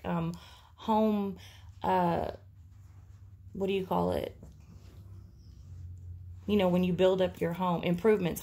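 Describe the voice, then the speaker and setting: A woman's voice: lowish voice, darkish tone, breathy edge. A woman giving an intuitive tarot reading, talking casually and thinking aloud with many fillers. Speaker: tarot reader.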